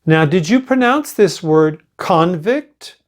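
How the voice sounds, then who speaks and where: An older man teaching an English lesson, reading example sentences slowly and clearly for students to repeat. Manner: slow and clearly enunciated, with lively pitch. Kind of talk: slow pronunciation lesson.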